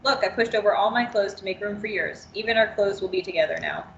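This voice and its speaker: A woman's voice: mid-range voice, fast, reverberant, muffled recording, a little hiss or hum, close to an everyday voice. A woman voicing an eager, controlling young boyfriend in a training story, cheerful and coaxing.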